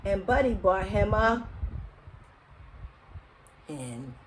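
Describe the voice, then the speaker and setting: Slow, expressive storybook reader. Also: female voice, medium pitch, a little hiss or hum, low-quality recording. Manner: expressive, with chatty asides to young listeners. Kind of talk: reading a picture book aloud to children.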